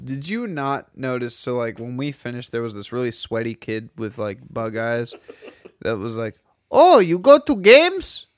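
A man's voice: medium pitch, fairly even intonation, moderate pace, clear, resonant tone, no echo, clean studio sound. A young man, a podcast co-host swearing a lot as he tells stories. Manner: profane storytelling, mimics people he talks about. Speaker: podcast co-host, Lyft driver and bass player. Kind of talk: casual chat.

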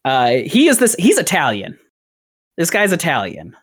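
A woman's voice: lowish voice, huge pitch swings, normal speed, slightly rough. A woman on a casual comedy podcast, rambling through a story plot with frequent laughter. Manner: rambling, laughs often, acts out characters' lines.

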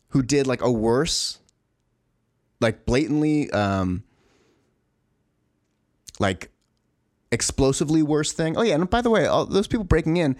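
A man's voice: a little high, darkish tone, no echo, clean studio sound. A man in a profane, exasperated, rambling rant, full of restarts and asides. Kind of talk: ranting monologue.

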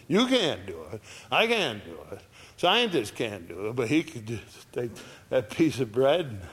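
A man preaching a sermon in a slow, folksy way, repeating phrases and lifting his voice at high points. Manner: slow, folksy, repetitive preaching with sudden lifts in voice. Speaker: pastor.

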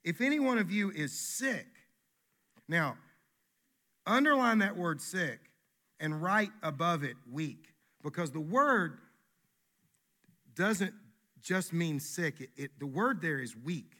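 A man, a pastor, preaching a sermon in an animated, emphatic way, often restarting his words. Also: on the high side, slow pace, long pauses.

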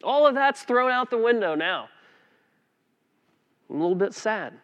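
Animated pastor, higher-pitched man. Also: moderate pace, lo-fi sound. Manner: conversational, animated storytelling with restarts. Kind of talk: sermon.

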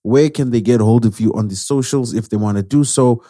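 A man's voice: mid-range voice, brisk, dark tone, dry recording, clean studio sound. A man co-hosting a podcast, thanking and teasing his guest in a rambling, joking way. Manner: rambling, teasing, many restarts. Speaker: podcast co-host. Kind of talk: casual podcast chat.

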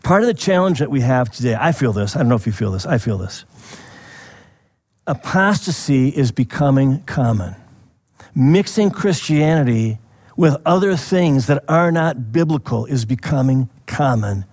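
A man preaching a sermon in a conversational way, asking the listeners questions and laughing softly now and then. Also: mid-range voice, lively intonation, normal speed. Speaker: pastor.

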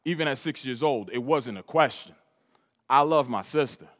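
A man's voice: mid-range voice, normal speed, a bit bright. Man preaching a story-driven sermon in a big hall. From New York. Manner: storytelling, repetitive emphatic phrases. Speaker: pastor. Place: church hall. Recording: reverberant hall.

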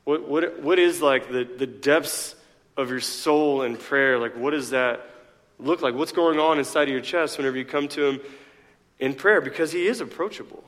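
A man's voice: medium pitch, normal speed, fairly bright tone, big-room sound. A male pastor preaching a sermon in a conversational way, full of rhetorical questions and joking asides.

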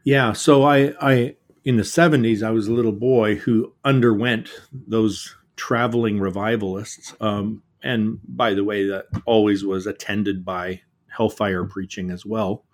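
Earnest halting man telling stories. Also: on the low side, steady tone. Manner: earnest, often halting and repeating words. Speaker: author and guest. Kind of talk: reflective conversation.

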